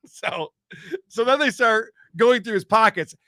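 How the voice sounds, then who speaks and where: A male host gives joking, sarcastic commentary on police clips in a high, bright voice. The recording is dry and close. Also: slow, no room sound. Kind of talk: casual commentary on police videos.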